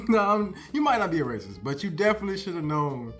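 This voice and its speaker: A man's voice: high-pitched, big pitch swings, brisk, faint music behind. A man in his thirties giving a profane, heated reaction commentary, swearing and laughing between points. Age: 30s. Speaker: commentary host.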